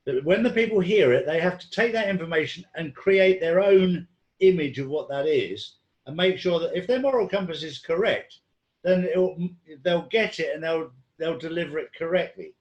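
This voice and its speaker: A man's voice: a little high, animated, normal speed, a little mellow, reverberant, muffled recording. A man in casual conversation, telling rambling stories with lots of ums and restarts. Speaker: guest.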